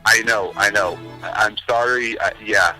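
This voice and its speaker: A man's voice: lowish voice, normal speed, bright, forceful tone, faint music behind, poor audio. A man chatting as a guest on a comedy podcast, easygoing and joking. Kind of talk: casual chat.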